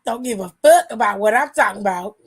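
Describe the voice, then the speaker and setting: A woman co-hosting a show aftershow in casual chat, animated and profane, often laughing as she talks. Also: medium pitch, fast. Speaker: aftershow co-host.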